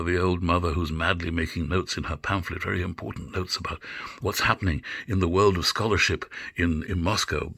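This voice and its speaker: An older man talks through a drama lecture off the cuff, his voice deep and gravelly. He muses aloud and halts often, circling back with fillers and restarts. The sound is dry and close. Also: a bit bright, no room sound. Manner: musing, halting with many fillers and restarts. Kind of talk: unscripted lecture.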